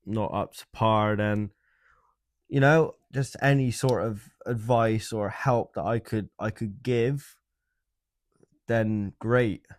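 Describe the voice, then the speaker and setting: A man hosting a livestream, chatting casually with viewers in a hesitant, soft-spoken way and often repeating his words. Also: fairly low pitch, no room sound, clean studio sound. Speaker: livestream host. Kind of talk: casual chat with live viewers.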